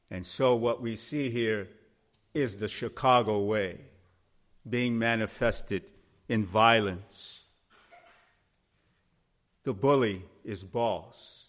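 Slow, deliberate preacher man. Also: fairly low pitch, fairly bright tone. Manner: slow, deliberate preaching that rises to emphatic peaks. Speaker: pastor. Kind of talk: sermon.

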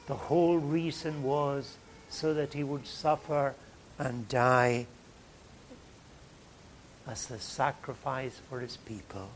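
Slow, dramatic male preacher. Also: mid-range voice, a little hiss or hum. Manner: dramatic, swings from hushed to loud. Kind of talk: sermon.

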